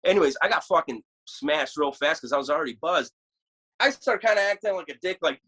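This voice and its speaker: A man guest telling rambling, animated, profanity-filled road stories in a casual chat. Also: a little high, a little fast, husky, rough recording. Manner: rambling animated storyteller, swears a lot. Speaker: guest musician.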